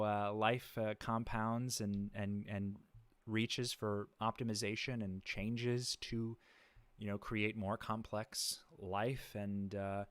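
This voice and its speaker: A man's voice: fairly low pitch, smooth, no echo. Laid-back man rambling on a livestream. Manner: rambling, many fillers and restarts; laid-back, chuckles often. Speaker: livestream host. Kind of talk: casual livestream chat.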